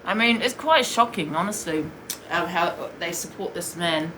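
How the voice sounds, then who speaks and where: A woman's voice: lowish voice, expressive, moderate pace, bright, forceful tone, a little hiss or hum. A woman streaming live, bluntly and scornfully ranting while she answers viewers' comments. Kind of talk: heated live-stream rant.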